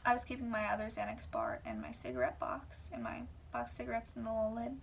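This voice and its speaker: A woman's voice: on the high side, very animated, fast talker, creaky, distant mic, slight background noise. A young woman vlogger rambling casually through a personal story, full of "like"s and whispered asides.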